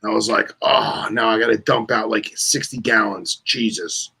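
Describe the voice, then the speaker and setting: A man's voice: fairly low pitch, fairly even intonation, moderate pace, gravelly, sharp tone, breathy edge. A man co-hosting a casual podcast chat, telling animal stories and acting out the quotes. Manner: storytelling, acts out quotes. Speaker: podcast co-host.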